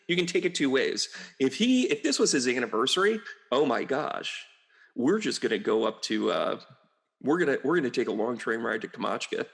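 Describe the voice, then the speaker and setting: A man's voice: mid-range voice, creaky, fairly bright tone. A man who works as an astrologer and medium gives a casual, joking and rambling astrology reading.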